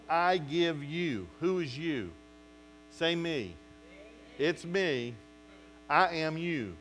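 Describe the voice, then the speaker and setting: In a rough recording with slight hiss or hum, a male pastor with a fairly high voice preaches a sermon. He's animated, acting out quotes from his listeners and talking directly to them.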